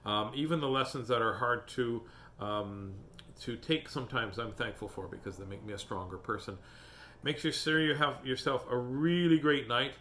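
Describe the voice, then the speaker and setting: Reading children's books aloud as host, a man chats casually and cracks playful jokes between pages. He has a medium-pitched, slightly bright voice at normal speed, and the echoey recording carries a little hiss or hum.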